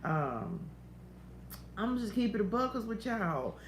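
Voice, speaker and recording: A woman's voice: mid-range voice, big pitch swings, takes it slowly, slight background noise. A middle-aged woman hosting a casual morning spiritual livestream, talking in a chatty way, laughing often and drifting into side stories over a phone stream. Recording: roomy room with faint ambience.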